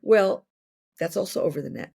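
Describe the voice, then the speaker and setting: A woman in her sixties, a podcast guest, explaining ideas through worked examples in a relaxed conversational way. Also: mid-range voice, moderate pace, creaky, breathy edge. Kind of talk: conversational interview.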